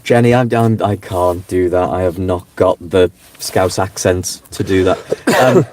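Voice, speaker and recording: A man riding along in a car joins the casual chat with short, faltering answers. His voice sits low and relaxed. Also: a little slow. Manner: brief, hesitant replies. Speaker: co-host in the car. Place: inside a car.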